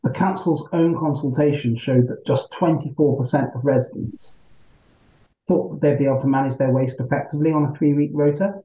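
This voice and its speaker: A male member of parliament answering interview questions in a measured, argumentative way, often checking in with "right?". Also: a little high, dark tone, roomy sound, dull audio.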